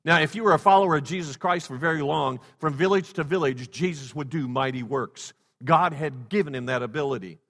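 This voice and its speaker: A man preaching a sermon, swinging from loud exclamations to hushed low passages and leading the congregation in call-and-response. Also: brisk. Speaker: pastor. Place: church sanctuary. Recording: long hall reverb.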